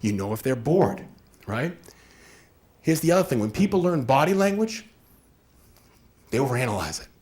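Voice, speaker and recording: A man's voice: mid-range voice, sing-song, moderate pace, pauses often, a little mellow. A man giving a conversational workshop presentation, acting out little scenes with quoted voices as he explains. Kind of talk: live workshop talk.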